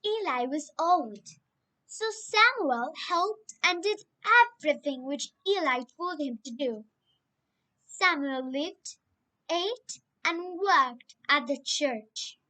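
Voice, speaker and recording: A woman reading a storybook aloud for children on a radio program, slow and expressive. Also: high voice, low-quality recording. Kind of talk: storybook reading with character voices.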